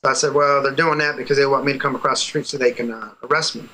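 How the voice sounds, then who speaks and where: Bright-voiced man telling a heated story. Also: mid-range voice, rapid-fire, low-quality recording. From United States. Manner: animated storytelling, acts out quoted dialogue. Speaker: guest, parent. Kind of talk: casual interview over a call.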